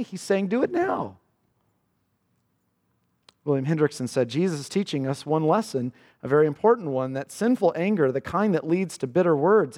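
A man preaching a sermon in earnest. His pitch rises for questions and drops low and slow for solemn passages. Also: darkish tone. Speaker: pastor. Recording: long reverb of a church hall.

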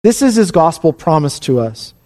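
A pastor preaching an earnest sermon, his voice climbing high on emphatic calls. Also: very animated, normal speed, darkish tone.

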